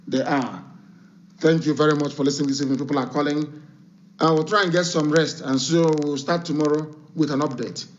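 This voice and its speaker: A man delivers an impassioned live address in a somewhat high voice, issuing commands and hammering them home through repetition. His voice is still worn from a recent illness. The sound is dull and lo-fi, like a broadcast feed. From Nigeria. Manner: commanding, repeats orders with emphasis. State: voice not fully recovered from illness.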